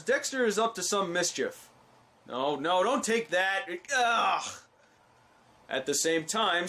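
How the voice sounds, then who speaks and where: A man's voice: sits high, a bit bright. Sarcastic young man narrating clips. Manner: dry, mocking. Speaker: video host. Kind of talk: sarcastic commentary over clips.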